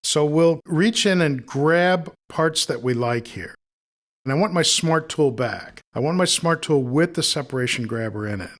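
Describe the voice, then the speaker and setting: In a screen-recorded tutorial, a man teaches audio editing, thinking aloud in a relaxed, explanatory way as he demonstrates each step. His voice is on the high side, at normal speed.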